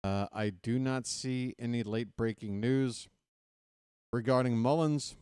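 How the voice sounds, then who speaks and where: A man's voice: mid-range voice, a little slow, darkish tone, clear, resonant tone, no echo, clean studio sound. A man hosting a baseball play-by-play livestream, chatting casually with viewers after the game and calling them folks. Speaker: play-by-play host.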